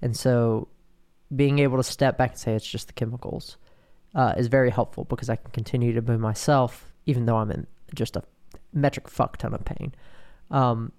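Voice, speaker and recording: A man hosting a podcast, talking candidly and haltingly about his own withdrawal pain, with many restarts and fillers. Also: mid-range voice, fairly even intonation, a little mellow, clear, resonant tone. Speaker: podcast host. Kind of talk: personal monologue.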